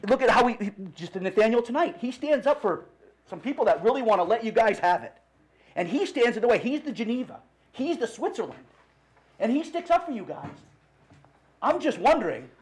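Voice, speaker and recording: A middle-aged man giving unscripted public comment at a city council meeting, impassioned and halting with many restarts, speaking into a podium microphone. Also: extremely high pitch, big pitch swings.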